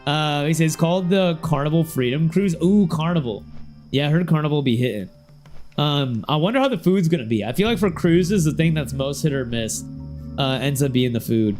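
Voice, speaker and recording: A young man streaming a game, chatting in a loose, slangy way and now and then bursting into sudden excited shouts. His voice sits a little high for a man. Faint music plays behind him. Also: normal speed. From Ohio. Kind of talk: casual game stream chat.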